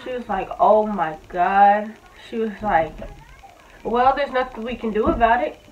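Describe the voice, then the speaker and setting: A woman's voice: a little high, moderate pace, a little hiss or hum. A woman in her twenties casually telling a personal story, candid and blunt, full of fillers and swearing. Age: 20s. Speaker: vlogger. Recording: tinny, phone-like audio.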